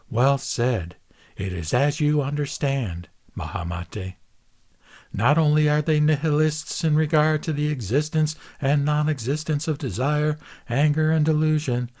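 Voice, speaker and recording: A man reading a Buddhist scripture aloud in a measured, solemn recitation. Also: medium pitch, a little mellow. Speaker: reader.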